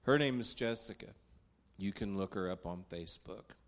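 Older preacher telling his story, low voice. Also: moderate pace. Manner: earnest storytelling. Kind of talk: testimony from the pulpit. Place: church stage.

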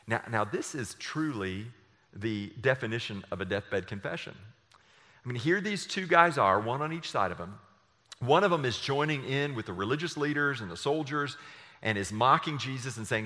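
Bright-voiced male preacher in a reverberant hall. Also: mid-range voice, expressive, moderate pace. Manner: dramatic scripture reading, voice rising and falling. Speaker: pastor. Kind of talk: sermon.

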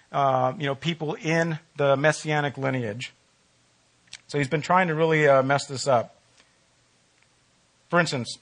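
A man preaching a sermon as a pastor, talking to his congregation in a relaxed, conversational way and often asking them questions. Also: fairly high pitch.

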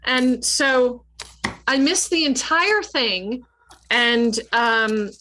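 A woman, a clinical psychologist guest, telling a story in a casual interview, animated and self-mocking with frequent laughter. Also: fairly high pitch, extremely slow.

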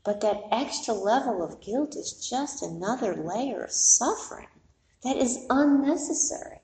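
A woman's voice: a little high, lively intonation, unhurried, a little mellow, echoey room. A woman meditation teacher giving a dharma talk in a plainspoken, conversational way with candid asides.

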